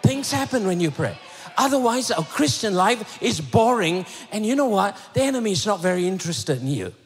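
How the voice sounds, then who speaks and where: A man preaching a sermon to a church with impassioned energy, swinging between shouted peaks and sudden hushed asides. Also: high-pitched, sing-song, normal speed. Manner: impassioned, shouting builds and sudden drops to a hush. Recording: echoey hall reverb.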